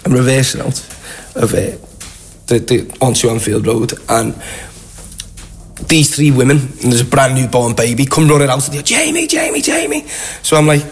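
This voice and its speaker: A young man with a Liverpool accent, a guest telling a long, animated anecdote with lots of quoted voices. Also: mid-range voice, moderate pace, creaky, pauses often. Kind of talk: casual storytelling.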